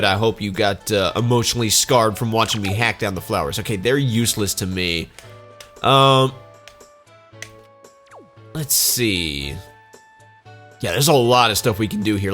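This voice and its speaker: A man's voice: on the low side, normal speed, fairly bright tone, soft background music. A man casually commenting on a video game as he plays, sarcastic and joking. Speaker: let's play host.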